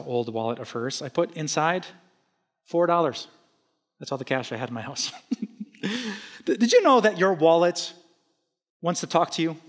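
A middle-aged pastor preaches with loose, joking energy and a slightly high voice. He talks to the congregation like friends. The sermon sounds casual and upbeat. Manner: energetic, conversational, humorous.

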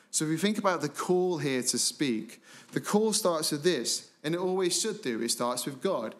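A man preaching a sermon as pastor, emphatic, slowing down and dropping low and quiet on key words. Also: expressive. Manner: slows down to stress phrases.

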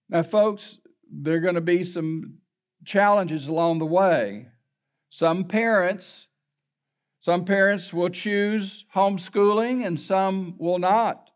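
In this sermon, an older pastor with a fairly high voice shares a personal story, voicing the people he quotes and repeating words as he goes. The recording has its highs cut off.

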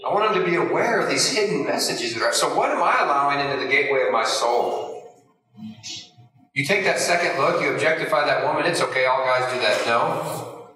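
Bright-voiced man preaching in an echoey hall. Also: on the high side, brisk. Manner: energetic conversational preaching with rhetorical questions. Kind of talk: sermon. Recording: echoey hall, heard from a distance.

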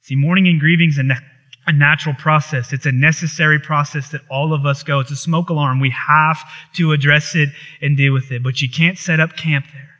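Bright-voiced, high-pitched male preacher. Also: fairly even intonation, brisk. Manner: impassioned preaching with rising intensity and repetition. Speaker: pastor. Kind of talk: sermon.

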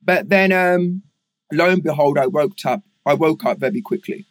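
A middle-aged Englishman with a London accent, a guest in a casual interview, tells long, rambling, animated stories about his life, packed with fillers. His voice is on the high side, his speed normal, and there's no echo.

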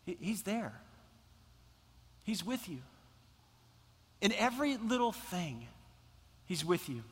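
A man's voice: high voice, big pitch swings, slow, breathy edge, long reverb tail. A male pastor preaching a sermon in a church, impassioned and repeating phrases for emphasis. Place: church sanctuary.

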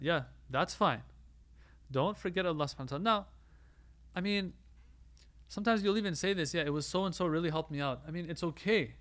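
A man giving a religious lecture, explaining step by step, asking questions and answering them himself, and reciting Arabic quotations quickly. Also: medium pitch, fairly bright tone. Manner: explanatory, asks and answers his own questions.

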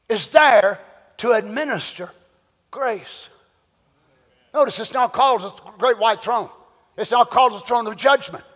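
A man preaching a sermon to a church congregation, animated and firing rhetorical questions. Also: extremely high pitch, a little slow, pauses often. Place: church sanctuary. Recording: long church-hall reverb.

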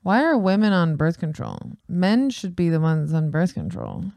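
A woman's voice: on the low side, lively intonation, moderate pace, vocal fry, darkish tone, no echo. A young woman co-hosting a casual podcast chat, teasing and playful. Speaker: podcast co-host.

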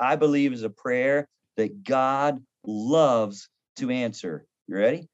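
A man's voice: medium pitch, slow pace, hardly any pauses. Man in his fifties, pastor and counselor, humorous storyteller, slightly dull lo-fi sound. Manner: humorous, animated, acts out quoted voices. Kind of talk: conversational storytelling on a podcast. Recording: dull lo-fi audio.

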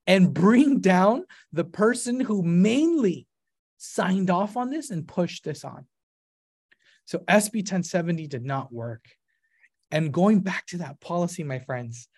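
A man's voice: high voice, a little mellow. A man from Arizona, a campaign director teaching a class in an earnest, impassioned way, often calling his listeners his friends. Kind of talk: earnest advocacy lecture.

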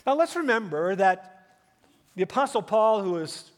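A man in his fifties delivers a Sunday sermon with a noticeably high voice for a man. He talks emphatically, leaning on rhetorical questions and scattered "uh" fillers. His voice rings out with a long reverb across a large church sanctuary. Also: sing-song, a little slow. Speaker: pastor.

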